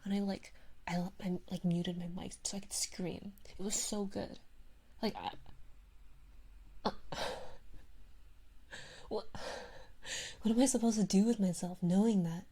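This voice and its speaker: A young woman streamer chatting in a soft ASMR whisper, rambling and self-deprecating as she tells a story, close to a sensitive mic. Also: medium pitch, fairly even intonation, measured pace, pauses often, breathy edge.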